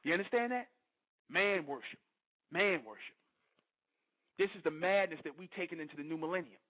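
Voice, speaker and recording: Fiery, high-voiced man preaching on air. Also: fairly quick. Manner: emphatic, confrontational, keeps asking "you understand?"; profane and repetitive. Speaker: radio show host. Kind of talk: impassioned preaching monologue. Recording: tinny phone-like line.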